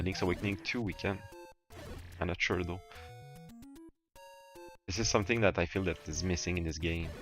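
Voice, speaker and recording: A man with a Québécois French accent talks in a very low, deep voice during a casual gaming livestream. He rambles in English, stopping and restarting his sentences with plenty of fillers. Faint game music plays underneath. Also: fairly bright tone. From Quebec, Canada. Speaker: streamer.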